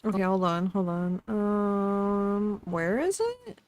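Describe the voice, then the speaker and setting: A woman streamer chatting casually, laid-back and quick to laugh, with some swearing. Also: medium pitch, lively intonation, a little mellow. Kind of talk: casual chat on her stream.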